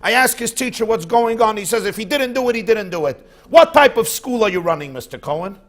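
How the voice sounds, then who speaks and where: A man voicing an indignant elderly grandfather who loudly demands answers. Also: on the high side, lively intonation, normal speed. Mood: outraged. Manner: shouting, outraged.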